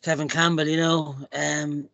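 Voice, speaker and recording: A man's voice: on the high side, level tone, unhurried, gravelly, sharp tone, no echo. A man hosting a casual chat, affable, thanking co-hosts and passing the conversation on. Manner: affable, hands over to guests. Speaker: podcast host.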